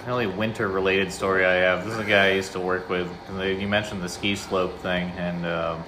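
A man's voice: low-pitched, flat delivery, fairly quick, background noise. A man co-hosting a podcast in a garage, telling a casual anecdote with laughs and swearing. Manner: laughing, loose anecdote with profanity. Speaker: podcast co-host. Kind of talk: casual storytelling. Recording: echoey garage, faint ambience.

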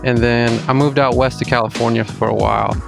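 A man from Mississippi with a light Southern accent, a podcast guest talking in a soothing, relaxed way. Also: medium pitch, fairly quick, gravelly, music in the background. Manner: soothing, relaxed, even delivery. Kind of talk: casual interview chat.

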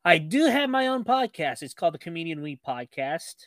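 A man's voice: fairly high pitch, sing-song, a little fast, over a noisy crowd. A comedian from Guam, a man, talking casually as a podcast guest and listing his upcoming shows with many fillers. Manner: upbeat, self-promoting, hesitant fillers. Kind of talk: casual interview chat.

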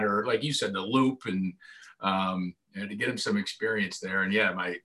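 A man's voice: on the low side, normal speed. A man in his forties from upstate New York, chatting casually and acting out the voices in his stories. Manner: animated storyteller, acts out quoted voices. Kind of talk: casual chat.

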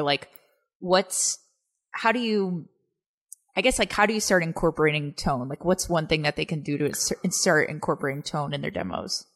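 A woman's voice: fairly low pitch, a bit bright. A woman hosting an interview, chatty and casual, asking questions with many fillers. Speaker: interview host.

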